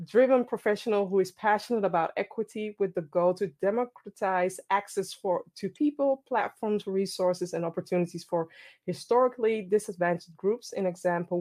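Casting: female panel host, mid-pitched, energetic, repeats and restarts phrases. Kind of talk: hosting an online panel.

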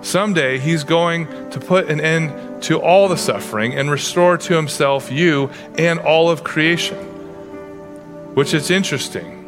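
A man's voice: on the high side, a little slow, music in the background. Earnest male pastor preaching. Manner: earnest preaching with sudden playful asides. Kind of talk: sermon.

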